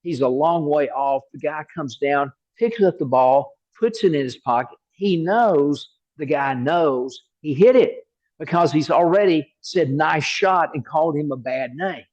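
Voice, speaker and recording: A man preaching a sermon in a slightly high voice, telling stories with lively energy. He repeats key words for emphasis. The recording sounds dull and lo-fi. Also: measured pace. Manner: animated storytelling with repeated words.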